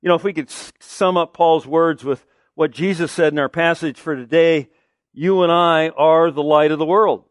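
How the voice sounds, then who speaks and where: A man's voice: a little high, steady tone, normal speed, no room sound, studio quality. A man preaching a sermon as pastor, emphatic, asking the listeners questions and answering them.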